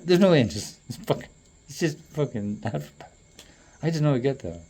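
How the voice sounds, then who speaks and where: A man in a profane, rambling monologue that swings between loud outbursts and low muttering. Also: expressive, fairly quick, breathy edge. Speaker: traveling performer.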